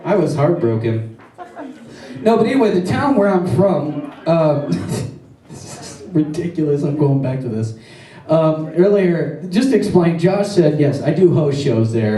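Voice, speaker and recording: A male stand-up comic with a high, mellow voice that leaps all over the place as he rambles through crude jokes and quick apologies. The sound is echoey and a bit distant, as if from a mic set back in the room. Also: animated. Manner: crude, rambling jokes with self-deprecating asides. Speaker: stand-up comedian. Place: comedy stage before a live audience.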